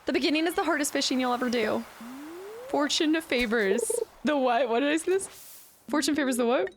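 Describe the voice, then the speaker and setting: A woman's voice: high-pitched, brisk, background noise. Chatty young woman streaming a game. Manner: chatty, excitable, laughing. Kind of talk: casual game live stream.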